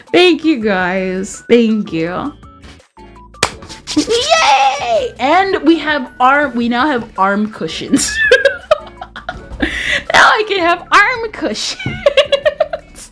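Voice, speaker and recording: Young woman streamer, casual chat, rambling and exclamatory, high voice at a slow pace. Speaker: live streamer.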